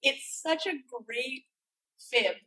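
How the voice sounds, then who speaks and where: A woman interviewing a guest, who is engaged, quick to affirm and playful. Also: high voice, lively intonation, sharp tone, breathy edge, rough recording. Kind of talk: conversational interview.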